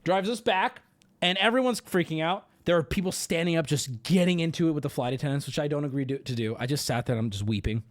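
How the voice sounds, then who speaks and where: A man hosting a livestream, telling a rambling, profane travel story in clipped, animated fragments. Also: a little high, fast. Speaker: streamer host.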